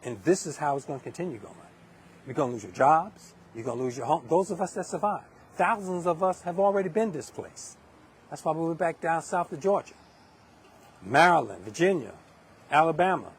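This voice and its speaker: A man with a North Carolina-tinged New York accent holds forth outdoors into a handheld phone, his voice sitting a little high for a man. His talk is heated and rambling, full of restarts and repeated words. A faint outdoor hum sits behind him. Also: expressive, fairly quick. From Hempstead, New York. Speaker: livestreamer. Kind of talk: impassioned street livestream monologue. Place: outdoors at dusk.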